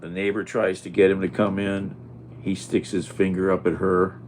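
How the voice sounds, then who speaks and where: A man vlogging at home, talking in an animated, exclaiming way to his cat and the camera. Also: low-pitched, normal speed, noisy background. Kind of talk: casual chat.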